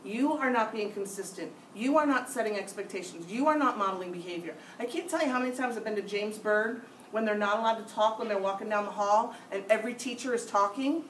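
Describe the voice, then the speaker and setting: A woman's voice: medium pitch, quick pace, few pauses, a little hiss or hum. A woman leading a classroom discussion, firm and emphatic, repeating her key points. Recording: echoey room, mic far off.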